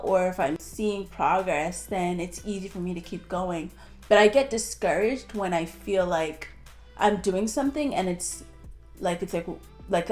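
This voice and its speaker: A woman's voice: on the low side, darkish tone. Chatty woman vlogger, lots of "like". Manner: chatty, heavy use of "like", light self-laughing. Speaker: motivational vlogger. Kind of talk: casual talk to camera.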